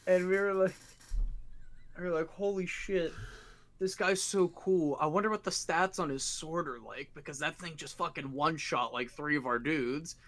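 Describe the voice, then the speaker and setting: A man's voice: on the high side, moderate pace, a bit bright. A man co-hosting a casual podcast chat, joking and swearing freely. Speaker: podcast co-host.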